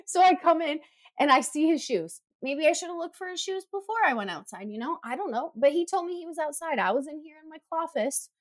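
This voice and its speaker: A woman's voice: sits high, animated, a little fast. A woman in her thirties, chatting casually and telling stories with animation, acting out her own screams and quotes. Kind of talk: casual chat.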